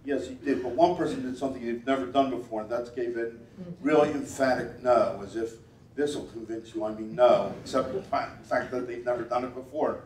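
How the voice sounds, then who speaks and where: A man's voice: medium pitch, fairly quick, a little mellow. A man performing a live stage act with audience volunteers at a gala, teasing them with wry asides and chanting repeated commands. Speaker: stage performer reading body language. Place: event hall at a gala. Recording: roomy hall, voice picked up from a distance.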